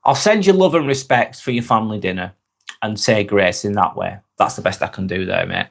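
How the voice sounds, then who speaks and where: Lancashire bloke chatting on a live stream, answering comments one by one, laughs easily. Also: male voice, lowish voice, brisk, creaky, a bit bright. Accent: Lancashire, North West England. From England. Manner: reads viewer comments aloud and answers them, chuckling often, calls people mate. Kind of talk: casual live stream chat.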